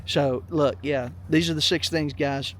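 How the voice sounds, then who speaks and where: A man's voice: a little high, fairly even intonation, unhurried, a bit bright, a little hiss or hum. A middle-aged man telling a story in a blunt, profane, heated rant to his viewers. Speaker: vlog host. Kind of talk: blunt ranting monologue.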